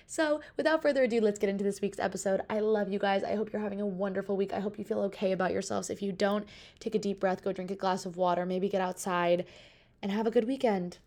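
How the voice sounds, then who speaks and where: A woman's voice: medium pitch, fast, darkish tone. A young woman in her twenties hosting her podcast, chatting candidly with lots of "like" fillers and casual swearing. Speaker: podcast host. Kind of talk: casual chat.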